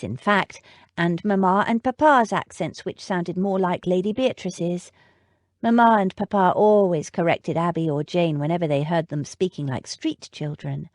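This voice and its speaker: A woman narrating an audiobook in an expressive, storytelling manner. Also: medium pitch, no room sound, clean studio sound. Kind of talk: scripted narration.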